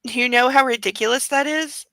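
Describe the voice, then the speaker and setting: A woman reading the lines of an earnest, reproachful young female lover in a soft, hushed voice that sometimes drops to a near-whisper. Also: high voice, a little fast, no room sound, voice pushed up, poor audio.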